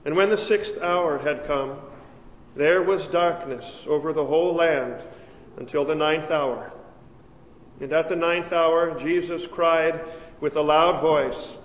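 A man reading the Gospel aloud at a church service, in a measured, solemn cadence. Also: on the high side. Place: large church. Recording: echoey church, reverb from far.

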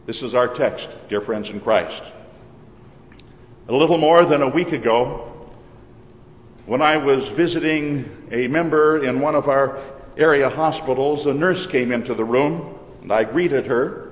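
A man with a Minnesotan accent, a pastor preaching a sermon in a measured, deliberate cadence. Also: mid-range voice. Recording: echoey church hall with long reverb.

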